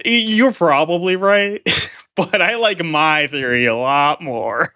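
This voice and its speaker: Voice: medium pitch, slow, bright, forceful tone, clear, resonant tone, no echo. A podcast co-host chatting casually and playfully teasing the other host. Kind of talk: casual chat.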